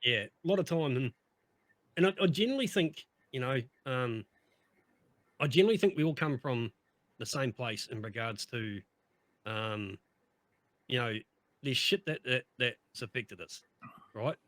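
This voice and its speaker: A man's voice: medium pitch, lively intonation, a little slow, long pauses, a bit bright, no echo. A man chatting on a podcast, emphatic and upbeat, repeating himself and swearing heavily. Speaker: streamer on podcast. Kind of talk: casual chat.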